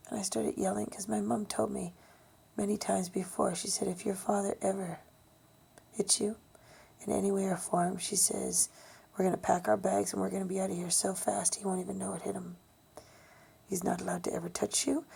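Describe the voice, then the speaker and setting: A woman telling a personal memory in a soft, often whispery voice, halting with ums and restarts. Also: medium pitch. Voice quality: breathy, gravelly. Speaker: storyteller sharing a personal memory. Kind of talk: personal storytelling monologue.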